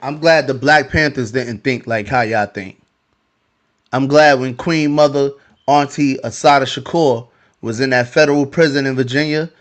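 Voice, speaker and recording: A man hosting a heated podcast debate, arguing and repeating himself. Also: mid-range voice. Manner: argumentative, repeats phrases.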